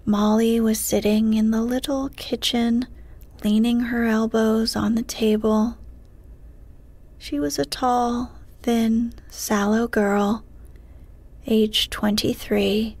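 A woman narrating a bedtime story in a soft, whispered, slow and hushed way. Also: a little high. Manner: slow, hushed, breathy delivery.

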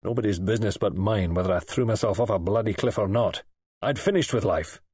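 Bitter hospital patient, indignant and curt, low husky voice, read by a man. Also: a little fast, darkish tone, dry recording.

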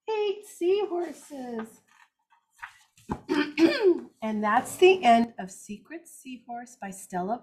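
An older woman teaching a children's circle time, reading picture books aloud in an animated, expressive, gentle way. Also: high voice.

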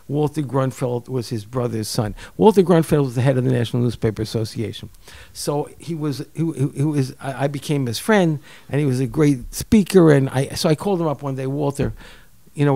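An older man from New York telling a personal story in an interview, lively and acting out the people he quotes. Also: mid-range voice, creaky, no room sound. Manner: animated, acts out quoted voices, repeats words. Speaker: guest storyteller.

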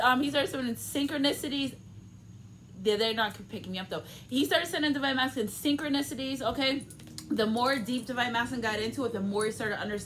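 At home in a room, a woman with a higher voice gives a casual tarot reading, blunt and emphatic, swearing freely and dropping in "okay?" as she goes. There's noise in the background.

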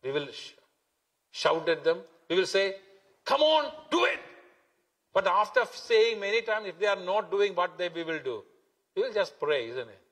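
A man's voice: high voice, expressive, moderate pace, a bit bright. A man preaching a sermon as pastor, emphatic and repetitive, stretching key words. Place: church hall. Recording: long hall reverb.

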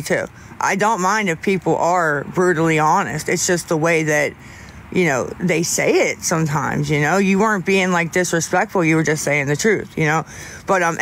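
A young man chatting on a livestream, his voice sitting a touch high for a man. He rambles and stops short to restart, filling gaps with "you know" and "like." He speaks candidly about staying sober, with a faint background noise. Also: a bit bright. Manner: rambling, halting, frequent restarts and fillers. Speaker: livestreamer answering chat. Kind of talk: casual livestream chat.

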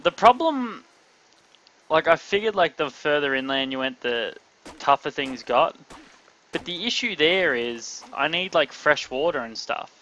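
A young man giving live gameplay commentary, excitable, talking to his chat and yelping when startled. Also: fairly high pitch, measured pace, dull audio, slight background noise. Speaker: gamer streaming live.

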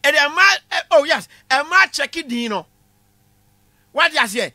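A man giving a comic classroom lecture, animated, shouting punchlines and laughing at his own jokes. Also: extremely high pitch, slow, dry recording. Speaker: comedy lecturer.

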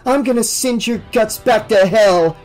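A man's voice: high voice, measured pace, a little mellow, soft background music, pitched above the performer's own voice. A man voicing a brave young woman who speaks with urgency and fierce resolve. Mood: urgent.

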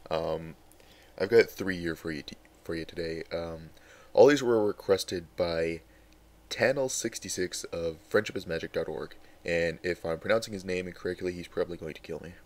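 A man's voice: sits low, moderate pace. A young man reading bad fan fiction aloud, with wry, exasperated asides between passages. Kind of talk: casual dramatic reading.

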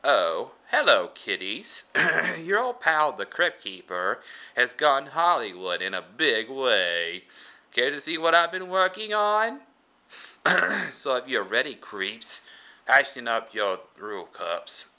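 A man voicing a cackling undead male ghoul who hosts horror tales, in a shrill and hammy manner. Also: very animated, slow, bright, forceful tone, full character voice. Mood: gleeful.

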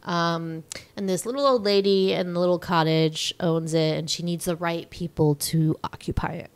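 A woman's voice: lowish voice, steady tone, normal speed, smooth. A woman co-hosting a podcast, chatting casually about a movie, laughing often and swearing now and then. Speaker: podcast co-host.

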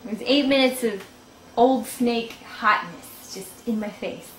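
A woman hosting a gaming video, giving excitable let's-play commentary full of swearing and shrieking reactions. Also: fairly high pitch, a little slow. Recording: echoey room with loud game music behind.

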